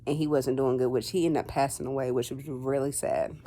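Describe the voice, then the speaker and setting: A woman's voice: extremely low pitch, fairly even intonation, a little fast, dark tone, slight background noise. A woman vlogger telling a personal story in a casual, rambling way. She fills her talk with "like" and "um" and acts out conversations in quotes. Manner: rambling, heavy on fillers like "like" and "um".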